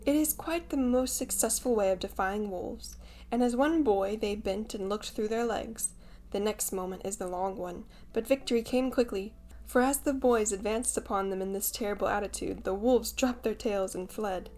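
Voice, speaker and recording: A woman narrating a classic children's storybook in a measured, expressive reading. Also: mid-range voice. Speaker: audiobook narrator.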